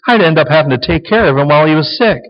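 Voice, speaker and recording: A man's voice: fairly high pitch, lively intonation, very fast, lightly acted. A man voicing an exasperated wife in a family squabble, speaking in a raised, pleading and snappish voice. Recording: dull lo-fi sound with long hall reverb.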